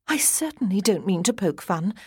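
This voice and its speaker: Woman doing a sweet polite young lady, kinda husky, apologetic. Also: medium pitch, big pitch swings, normal speed, a little mellow, dry recording, studio quality. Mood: earnest. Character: gentle young lady, delicate, earnest friend.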